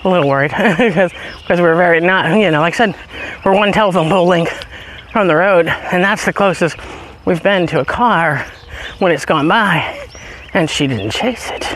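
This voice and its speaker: A man chatting casually as he walks his dogs up a hilly road outdoors, a bit out of breath, now and then calling the dogs in a high sing-song voice. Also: moderate pace, a bit bright, a little hiss or hum. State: out of breath from walking uphill. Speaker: podcast host. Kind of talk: casual walking vlog.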